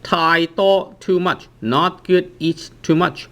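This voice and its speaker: A man's voice: on the high side, big pitch swings, slow, few pauses, a bit bright. A man explaining grammar to learners, with frequent "uh" restarts, who checks in with "right?" after nearly every phrase. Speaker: language teacher.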